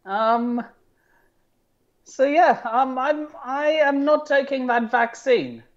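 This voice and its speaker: A man from the UK co-hosting a casual political chat, talking in an animated, sarcastic way. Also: very high voice, takes it slowly. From United Kingdom. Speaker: co-host. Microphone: headphones and desk mic. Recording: dull lo-fi sound.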